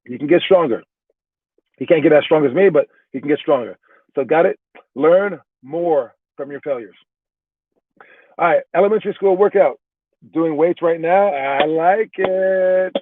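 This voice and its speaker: A man talks in a loose motivational ramble, stumbling over and repeating words as he pushes his point. His voice sits a little high for a man. The sound is thin and phone-like, with no room echo at all. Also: normal speed. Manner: rambling, repeats and restarts words, pep-talk tone. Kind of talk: casual motivational talk. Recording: tinny phone-like sound, dry.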